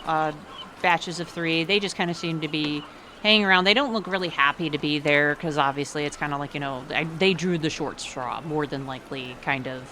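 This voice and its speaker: A woman's voice: sits low, pushed and bright, a little hiss or hum. A woman narrating a tabletop game as game master, hesitant, with many fillers.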